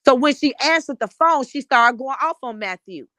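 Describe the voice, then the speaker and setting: A woman's voice: high-pitched, lively intonation, normal speed, a bit bright, no room sound. Fiery, profane woman ranting. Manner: blunt, profane, fired-up ranting. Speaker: panelist. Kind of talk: heated live-stream commentary.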